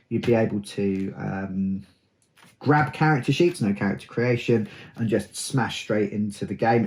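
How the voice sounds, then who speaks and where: A chatty young British man talks through an unboxing at a relaxed clip. His pitch swings widely as he reads rules aloud and adds dry asides. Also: a little hiss or hum. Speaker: host unboxing a tabletop game. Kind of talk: casual unboxing commentary.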